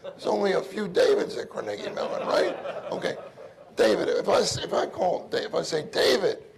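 A man giving an informal, earnest sermon at a meeting, crying out loudly when he calls on the Lord. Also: high voice, huge pitch swings, fairly quick, vocal fry. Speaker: preacher at a church meeting.

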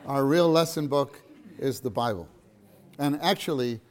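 A man's voice: mid-range voice, a little slow. A middle-aged man teaching a church lesson to a gathering, earnest and repeating phrases for emphasis.

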